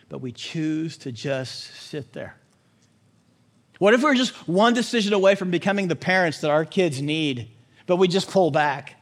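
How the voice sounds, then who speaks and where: High-voiced male pastor preaching. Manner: animated, joking with puns. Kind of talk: sermon.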